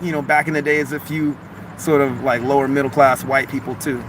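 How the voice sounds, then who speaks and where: A man with a mixed Long Beach, Los Angeles accent, chatting casually on a live stream, reading comments aloud in a rambling, animated way full of "like" and "man.". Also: medium pitch, fairly quick, background noise. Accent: Long Beach, Los Angeles mix. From Los Angeles harbor area, USA.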